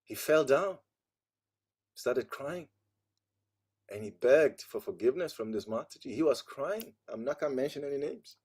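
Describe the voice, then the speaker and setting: A man giving an online religious class, talking through a story at a relaxed, conversational pace. He keeps checking in with his listeners with little asides, his pitch sitting in an ordinary middle range. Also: moderate pace, pauses often, breathy edge. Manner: conversational, frequent "you know" asides. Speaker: spiritual teacher.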